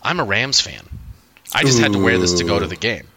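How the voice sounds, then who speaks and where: A man's voice: deep voice, expressive, a little fast, pushed and bright, pitched below the performer's own voice, heavily acted. A man quoting a pushy, brash woman sports fan in his own voice, offhand.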